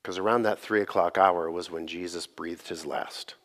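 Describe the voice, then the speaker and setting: A middle-aged man pastor preaching a sermon, telling the story with lively, sarcastic quoted lines and occasional laughs. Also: low voice, normal speed.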